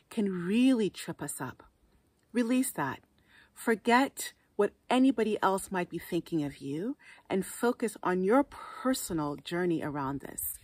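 A woman giving gentle, encouraging advice in a vlog, working through numbered tips. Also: on the low side, no echo. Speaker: wellness vlogger and author.

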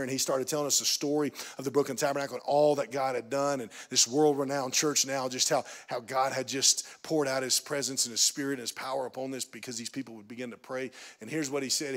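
A man pastor preaching a sermon in a church, telling a story that swings from hushed, quiet passages to emphatic, raised pleading. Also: mid-range voice. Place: church sanctuary.

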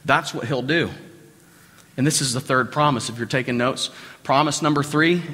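A male pastor with a Southern American accent gives a conversational sermon in a church sanctuary, repeating lines and asking the congregation questions. His mid-range voice runs at normal speed, bright and forceful with slight roughness, captured with long hall reverb.

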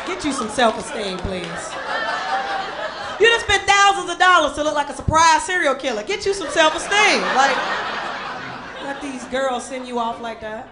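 A sassy young comedian from Chicago works a club crowd with a high, lively voice. She keeps her jokes animated and often flips into squeaky character voices for the people she mocks. The handheld mic picks up plenty of room noise from the club. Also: normal speed. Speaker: stand-up comedian. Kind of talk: stand-up comedy set.

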